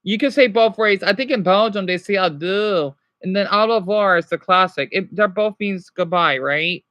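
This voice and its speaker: A man's voice: high voice, normal speed, a bit bright, no room sound. A man casually teaching French words on a livestream, rambling and correcting himself while answering chat.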